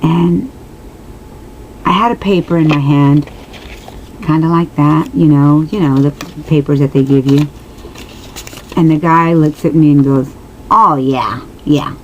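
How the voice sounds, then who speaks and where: Low-voiced woman telling a rambling personal story. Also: steady tone, a little slow, pauses often, a little mellow, dull audio, a little hiss or hum. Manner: rambling, with many restarts and asides to viewers; earnest and emotional. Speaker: vlogger answering viewers.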